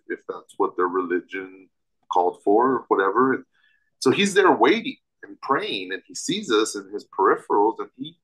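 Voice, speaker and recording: A man's voice: on the low side, a bit bright, rough recording. Emphatic man telling a story. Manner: vivid, emphatic storytelling with restarts. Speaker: interview guest. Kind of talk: telling a personal story in an interview.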